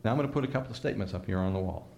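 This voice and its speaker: A man's voice: on the low side, racing, creaky, a little mellow, slight background noise. A man preaching to a congregation, conversational and teasing, leading them in repeated call-and-response phrases. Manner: conversational, teasing asides to listeners. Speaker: pastor. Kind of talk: sermon.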